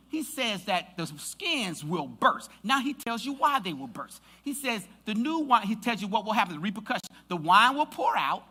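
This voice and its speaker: A man pastor preaching a sermon in a church, joking with the congregation and rising to shouts. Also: sits high. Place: church sanctuary.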